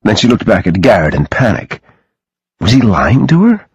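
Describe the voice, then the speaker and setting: A man reading an audiobook in a dramatic, expressive way, close to the mic. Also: lowish voice, normal speed, breathy edge, no room sound, lo-fi sound. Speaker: audiobook narrator. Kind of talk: scripted audiobook narration.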